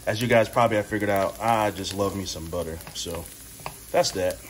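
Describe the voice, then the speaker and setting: A joking, easygoing man with a drawl chats his way through a recipe at home. His voice sits fairly low, with a pan sizzling loudly behind him. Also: brisk, noisy background. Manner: jokey, laid-back, talks straight to viewers. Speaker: cooking vlog host. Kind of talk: casual cooking demo chat. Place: home kitchen.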